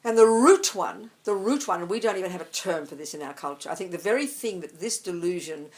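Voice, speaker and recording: A woman, a Buddhist nun, giving an animated dharma talk and answering audience questions. She often checks that listeners follow and calls them darling. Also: fairly low pitch, fairly quick, slightly rough.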